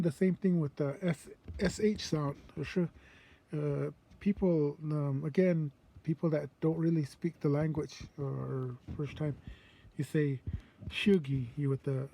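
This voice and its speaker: A man from the Sonoran Desert in southern Arizona, teaching culture and language in an informal spoken way. He pauses often and circles back, restarting his sentences as he goes. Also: a little high, dark tone. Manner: halting, circling speech with many pauses and restarts.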